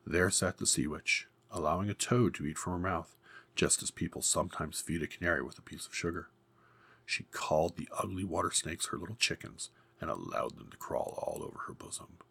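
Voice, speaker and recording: A man reading a fairy tale aloud in a measured, grave storybook narration. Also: low-pitched, expressive, creaky, pushed and bright, husky, whispered.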